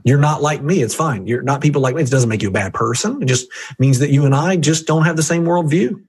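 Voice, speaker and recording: A man speaking as a guest, giving an energetic, emphatic sales-coaching talk straight to the listener. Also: fast talker, husky. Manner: emphatic, jumpy pitch, direct address to listener. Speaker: guest reviewing a book on sales.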